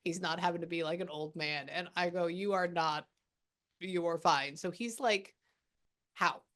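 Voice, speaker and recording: A woman working as a medium, passing on a spirit's messages in a casual, chatty way with many pauses. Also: lowish voice, steady tone, a bit bright. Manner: relays a spirit's words with quick asides and pauses. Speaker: psychic medium. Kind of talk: spirit reading session.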